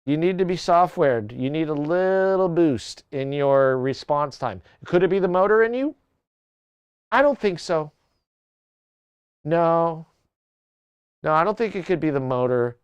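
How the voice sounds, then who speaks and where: A man's voice: fairly high pitch, expressive, a little slow, pauses often, clear, resonant tone, no echo, highs cut off. A man hosting a livestream in casual, joking chat, talking to his tracking camera. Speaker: livestream host.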